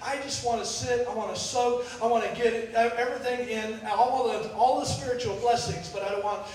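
A man preaches with a high-pitched voice in a church. His voice booms back off the walls from a distance, with a faint hiss of room noise under it. He restarts his phrases often and swings from loud outbursts to near murmurs. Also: fairly quick. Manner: storytelling, animated with sudden shouts and quiet drops; repeats words and restarts often. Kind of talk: sermon. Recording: echoey hall from far off.

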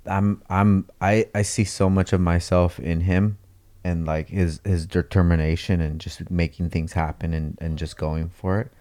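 Male podcast co-host, very low voice, easygoing banter. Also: little pitch movement, a little slow, warm tone. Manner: laid-back, joking, earnest when praising. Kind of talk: casual chat.

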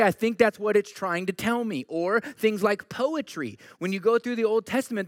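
A man preaching a sermon as pastor, talking in a conversational way that moves between animated asides and quiet, earnest questions. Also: high voice, dry recording, studio quality.

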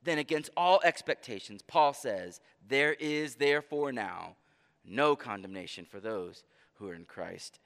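A man preaching a sermon, earnest and emphatic, slowing down to stress key phrases. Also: mid-range voice, lively intonation, fairly bright tone, in a large hall. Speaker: pastor.

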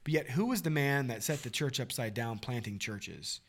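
A man's voice: medium pitch, expressive, moderate pace. A man co-hosting a casual Bible discussion, acting out quoted dialogue with animation. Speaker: podcast co-host.

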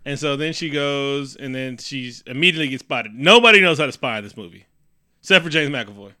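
Male podcast co-host for a casual film review, bright and forceful tone, dry close sound, profane and animated. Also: mid-range voice, brisk, no echo. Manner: profane, animated, does mocking voices of characters. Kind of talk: casual movie review chat.

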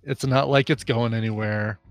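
A man co-hosting a podcast in casual movie chat, animated and laughing often as he retells scenes. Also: medium pitch, normal speed, no echo, soft background music. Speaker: podcast co-host.

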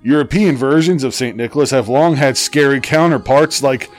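A man's voice: mid-range voice, moderate pace, hardly any pauses, faint music behind. A man co-hosting a casual podcast, reading an article aloud while joking and laughing through it. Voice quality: profane, joking asides. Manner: giggly, laughs through his reading and breaks off often. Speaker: podcast co-host.

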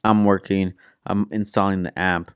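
A man with a deep, smooth voice talks in a loose, casual way, stacking slang and curse words into his stories. He laughs easily and keeps the chat relaxed. The sound is dry and close to the mic. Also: normal speed, no echo. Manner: laid-back storyteller, heavy slang and swearing, laughs often.

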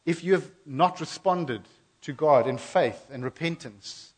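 A man preaching a sermon in a church, animated and acting out the voices of the people he quotes. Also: on the high side, unhurried, breathy edge.

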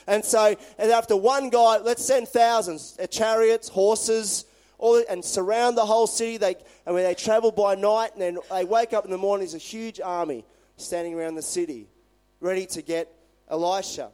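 High-pitched guy preaching, chatty and animated, reads then retells the story. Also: moderate pace. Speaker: pastor. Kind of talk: sermon with scripture reading.

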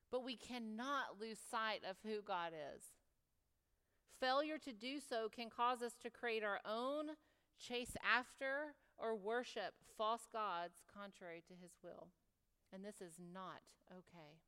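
A woman's voice: a little high, smooth. Woman preaching in an echoing hall. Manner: emphatic, rhetorical questioning, dropping to soft reflective tones. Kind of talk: sermon. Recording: long reverb of a large hall.

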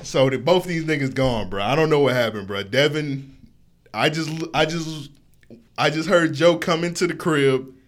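A man's voice: on the high side, normal speed. A man co-hosting a podcast, chatting loosely and laughing often between lines. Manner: laughing, loose banter with frequent "bro". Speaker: podcast co-host. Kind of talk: casual chat. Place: home studio.

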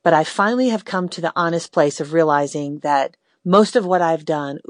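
A woman's voice: sits low, moderate pace, no room sound, clean studio sound. Heartfelt reflective woman host. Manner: heartfelt, reflective, a bit emotional. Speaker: radio host. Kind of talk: casual faith-based talk.

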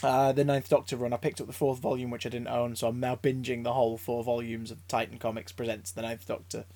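A man chatting casually as a podcast co-host, an excitable storyteller who rambles, stammers and restarts his sentences. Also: mid-range voice, fast, no room sound. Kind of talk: casual chat.

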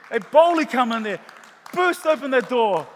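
A man's voice: extremely high pitch, big pitch swings, moderate pace, some chatter behind. A middle-aged man preaching a sermon, telling stories and stressing his points by repeating them. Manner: warm storytelling with emphatic repetition. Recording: long reverb of a large hall.

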